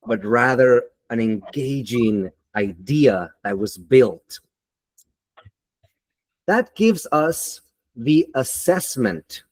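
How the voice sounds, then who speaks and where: A man giving an online teaching webinar in a deliberate, emphatic and motivational way, on a computer mic over a video call. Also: mid-range voice, dry recording.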